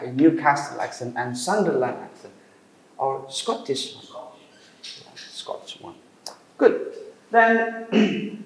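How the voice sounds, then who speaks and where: A man giving a university lecture in English, questioning the class with pauses and fillers. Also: on the high side. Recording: roomy classroom echo.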